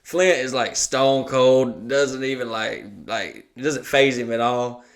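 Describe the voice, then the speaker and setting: A man's voice: medium pitch, steady tone, slow pace. A man co-hosting a podcast, telling stories casually, swearing and laughing often and acting out the people he quotes. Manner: profane storyteller, laughs often, acts out quotes. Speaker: podcast co-host.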